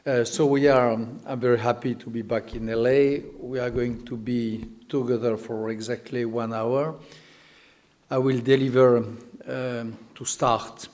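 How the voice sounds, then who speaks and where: An older man, French by birth, speaks English with a clear French accent at a measured, unhurried pace. He gives a public lecture, pausing often to find his words. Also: medium pitch, level tone, a little mellow. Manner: slow and deliberate, with many hesitations. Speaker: guest speaker.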